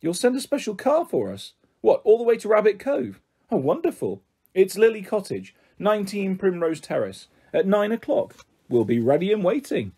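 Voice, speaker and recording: A man voicing a cheerful, pushy mother who talks warmly and coaxingly in a storybook reading. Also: high voice, sing-song, normal speed, breathy edge, pitched above the performer's own voice, exaggerated voice.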